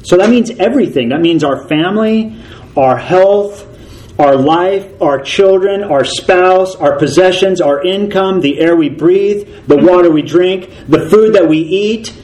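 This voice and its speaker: A man preaching a sermon as a pastor. He talks earnestly, repeats key phrases for emphasis and slows down when he reads scripture. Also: sits high, a little mellow, rough recording.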